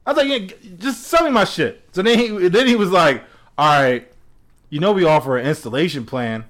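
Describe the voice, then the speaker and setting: A young man tells a story in casual chat, and his voice sits a little high. He acts out both ends of a phone call with lots of animation and frequent laughter. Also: sing-song, brisk, fairly bright tone.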